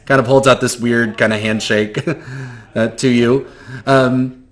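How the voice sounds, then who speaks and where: A man's voice: medium pitch, fairly even intonation, slow. Rambling male game master. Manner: loose, filler-heavy narration. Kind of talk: narrating a tabletop game.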